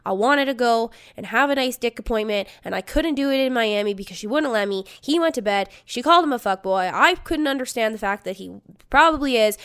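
A woman in her thirties with a slightly high voice tells a story in a loose, profane monologue. She acts out every quote and laughs her way through the retelling. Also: fairly bright tone, clean tone. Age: 30s.

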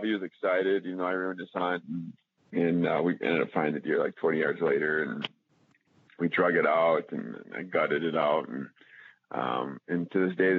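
This podcast guest has a low-pitched, husky voice with no room sound, though the audio is tinny like a phone line. He spins hunting tales casually, rambling through many fillers and restarts and growing animated as he retells them.

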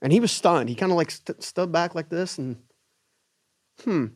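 A man telling his own story in an interview, animated, acting out the voices of the people in it. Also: fairly high pitch, brisk, no echo, studio quality. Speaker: business owner guest.

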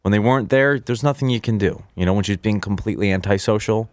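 A man on a podcast gently reassuring his friend, often adding "you know" as he talks. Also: fairly low pitch, fast, no echo, studio quality. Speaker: podcast co-host. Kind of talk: supportive conversation.

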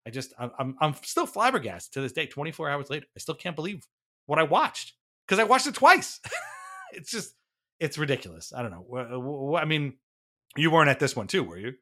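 Animated, exasperated podcast host. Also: male voice, a little high, a little fast. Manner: exasperated ranting, swearing, laughing. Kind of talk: casual sports talk.

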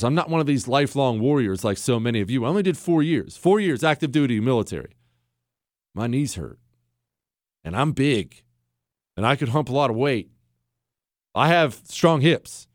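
A man's voice: mid-range voice, no echo. Male talk host, combative and teasing, voice swinging up and down, dry studio sound. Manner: emphatic, combative, teasing and repetitive. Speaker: radio talk show host. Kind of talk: opinionated monologue.

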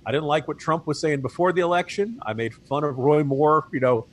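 A man's voice: fairly high pitch, brisk. A man co-hosting a political podcast, talking in a wry, chatty way. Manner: wry, chatty, laughs at his own jokes. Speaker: podcast co-host. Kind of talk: casual political talk.

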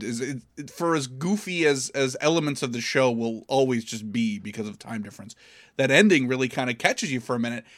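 A man's voice: medium pitch, a bit bright. A man co-hosting a podcast in casual chat, rambling and joking as he goes. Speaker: podcast co-host.

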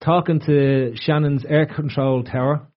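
A man's voice: fairly high pitch, fairly even intonation, unhurried. A man hosting a casual podcast, rambling and joking with friends and laughing often. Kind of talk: casual banter. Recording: dull lo-fi audio.

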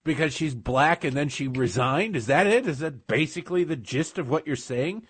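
A man co-hosting a talk radio show, delivering sarcastic, deadpan jokes and heated rants. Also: a little high, normal speed, slightly rough. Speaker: radio co-host. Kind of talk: casual talk radio banter.

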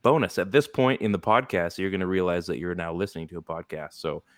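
A man's voice: deep voice, fast talker, no room sound, clean studio sound. A man hosting a casual sports podcast, rambling through advice with lots of fillers. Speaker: podcast host. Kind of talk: casual fantasy sports chat.

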